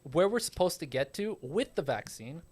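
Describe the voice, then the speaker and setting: A fairly high-pitched man talks in a loose podcast chat. He explains his point emphatically and swears freely. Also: big pitch swings, moderate pace, darkish tone, a little hiss or hum. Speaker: podcast co-host. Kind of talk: casual chat.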